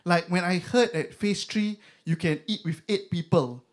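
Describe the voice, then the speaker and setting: The young comedian's voice is high-pitched and moves at normal speed, with a Singaporean accent. His stand-up set feels chatty and loose, heavy on fillers, and he does mock voices for his bits.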